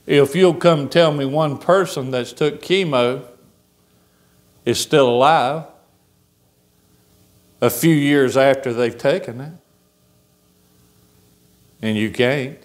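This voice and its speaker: A man's voice: medium pitch, takes it slowly, long pauses. A man, preaching a fervent church sermon as pastor and asking the congregation rhetorical questions. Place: church sanctuary.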